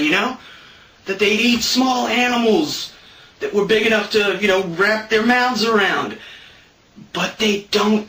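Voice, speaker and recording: A man delivering a deadpan satirical monologue in character as a preacher, rambling, repeating himself and leaning on "you know" fillers. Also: sits high, echoey room, recorded from a distance, poor audio.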